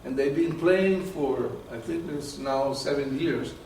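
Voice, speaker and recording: A man's voice: on the high side, measured pace, far from the mic, slight background noise. Man lecturing in a very echoey room. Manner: animated, repeats words while searching for terms. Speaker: presenter. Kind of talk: live lecture with audience questions. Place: meeting room with an audience.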